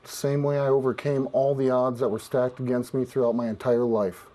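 A professional wrestler speaking in a blunt, boastful way. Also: male voice, medium pitch, flat delivery, normal speed, dark tone. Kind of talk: wrestling promo.

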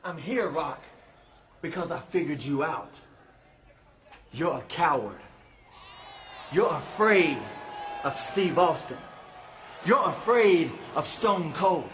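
A pro wrestler trading mocking, theatrical put-downs with a rival in an arena promo. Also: male voice, a little high, expressive, slow pace, long pauses, fairly bright tone, slight background noise.

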